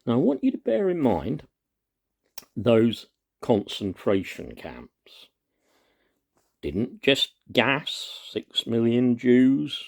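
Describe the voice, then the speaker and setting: Slow, earnest man with a lively voice. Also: medium pitch, gravelly. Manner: earnest, emphatic, with long pauses and stress on single words. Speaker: video commentator. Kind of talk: impassioned personal monologue.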